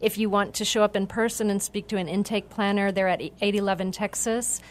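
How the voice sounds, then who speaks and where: A woman's voice: mid-range voice, flat delivery, fairly quick. A woman city official on a radio show, giving information in a matter-of-fact way. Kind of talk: radio interview answer.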